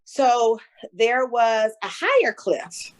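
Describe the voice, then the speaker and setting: A woman's voice: on the high side, slow pace. A middle-aged woman who tells stories in a casual interview and acts out the voices she quotes. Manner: storytelling, animated, acts out quotes. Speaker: guest entrepreneur.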